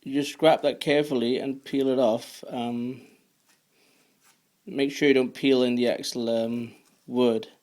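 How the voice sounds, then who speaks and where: A man casually explaining a hobby craft step by step, then chatting about his day in a relaxed vlog. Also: medium pitch. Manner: easygoing, explains step by step with fillers. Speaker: fingerboard vlogger. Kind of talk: casual tutorial and daily vlog chat.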